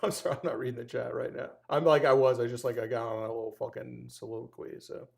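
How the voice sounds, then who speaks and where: A man's voice: medium pitch, flat delivery, fast, vocal fry. A man co-hosting a casual livestream, cursing freely and ranting with comic exaggeration. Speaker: livestream co-host.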